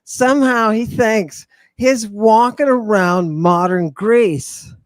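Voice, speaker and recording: A man's voice: high-pitched, slow, no echo. A man appearing as a guest in a casual online discussion, chiming in with amused, wry remarks.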